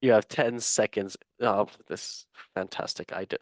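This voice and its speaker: A man's voice: fairly low pitch, fairly even intonation, normal speed. A man hosting a football quiz on a casual podcast, playful and jokey, swearing and laughing often. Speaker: quiz host.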